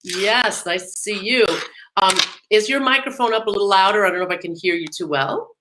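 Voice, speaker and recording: A woman's voice: mid-range voice, fairly quick, background noise. A woman hosting a live music podcast, talking casually with frequent laughs and fillers. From New York / New Jersey area. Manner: chatty, laughs often, many fillers. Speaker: podcast host. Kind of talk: casual livestream talk.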